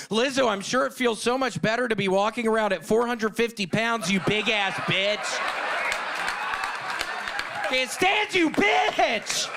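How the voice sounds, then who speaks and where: A man doing a short stand-up set on a comedy club stage, shouting jokes erratically and giggling at his own punchlines. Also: very high voice, gravelly. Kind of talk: one-minute stand-up set.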